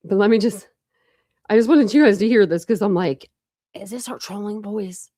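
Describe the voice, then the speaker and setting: A woman's voice: mid-range voice, moderate pace, dark tone, dry recording, studio quality. A woman hosting a true crime channel, talking casually to viewers and thinking aloud as she goes. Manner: rambling, thinks aloud with restarts.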